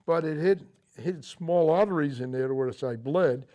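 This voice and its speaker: An older man, a Marine veteran, recounting his memories in a TV interview, speaking haltingly with frequent fillers and restarts. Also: a little high, warm tone. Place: local TV studio.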